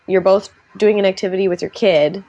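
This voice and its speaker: A woman in her twenties co-hosting a casual chat, telling stories and acting out quotes in lively voices. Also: mid-range voice, fairly quick, dull audio. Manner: chatty storyteller, acts out quotes in animated voices. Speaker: podcast co-host.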